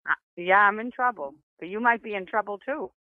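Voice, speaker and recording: A man's voice: high voice, fairly quick, no echo. A man making a prank phone call, pleading and insistent, repeating his questions over a tinny line. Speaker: prank caller.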